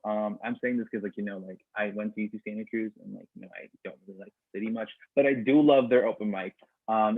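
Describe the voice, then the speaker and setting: His fairly low voice is wearing out as he loses it while hosting a poetry slam livestream. This slam host rambles casually, full of fillers and tangents. The sound is dry and tinny like a phone, with no echo.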